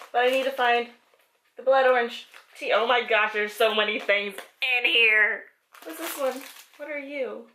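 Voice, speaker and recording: A woman chatting casually as she unboxes a package at a table, excitable and giggly, talking to the items as she finds them. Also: high-pitched, a little hiss or hum. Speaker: vlogger. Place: indoors at a table.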